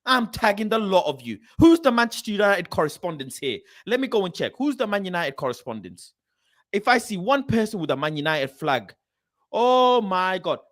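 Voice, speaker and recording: A man's voice: high voice, very animated, moderate pace, fairly bright tone. A young man hosting a football channel, reacting to a screen in an exasperated, mocking rant full of swearing, muttering as he reads names aloud. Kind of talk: ranting reaction commentary.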